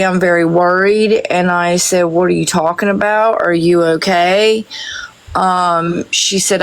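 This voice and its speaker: A woman on a livestream slowly telling a story, with many hesitant pauses. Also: mid-range voice. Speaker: livestream guest. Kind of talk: casual livestream chat.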